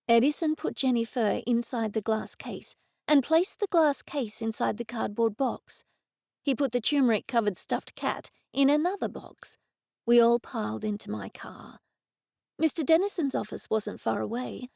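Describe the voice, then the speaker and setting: Woman narrator, expressive audiobook reading, slightly high, gravelly, close and dry. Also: normal speed, dry recording. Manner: lively, expressive reading in first person. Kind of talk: scripted narration.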